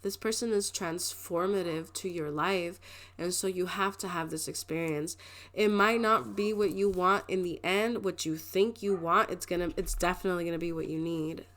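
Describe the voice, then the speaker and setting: A tarot reader with a fairly low, fairly bright voice speaks at a moderate pace with fairly even intonation. Giving her viewers a casual card reading, she rambles emotionally, laughs often, and fills her speech with "like."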